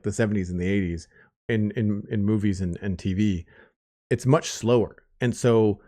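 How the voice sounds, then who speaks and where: A man's voice: fairly low pitch, darkish tone. A man hosting a podcast roundtable, chatting casually and rambling with lots of restarts. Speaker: podcast host.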